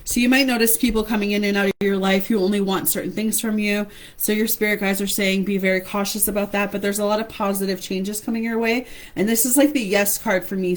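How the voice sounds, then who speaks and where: A woman giving a live-streamed tarot reading, chatty and affectionate, calling viewers by name, her voice going hoarse. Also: mid-range voice, rough recording. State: losing her voice. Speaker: tarot reader.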